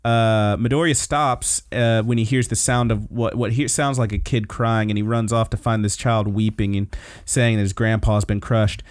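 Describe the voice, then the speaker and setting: A man's voice: on the low side, fairly even intonation, moderate pace, no room sound, clean studio sound. A man hosting a podcast, recapping episodes in a laid-back, casual way and swearing freely. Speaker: podcast host.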